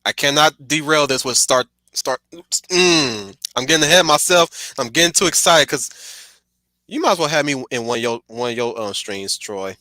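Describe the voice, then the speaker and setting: A man streaming casual, digressive commentary; he gets excited, laughs often and apologizes for getting sidetracked. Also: mid-range voice, normal speed, dry recording.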